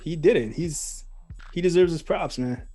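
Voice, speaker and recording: Animated high-voiced man reviewing movies. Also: moderate pace. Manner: animated, laughs often, acts out scenes. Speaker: podcast co-host. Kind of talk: casual movie review chat.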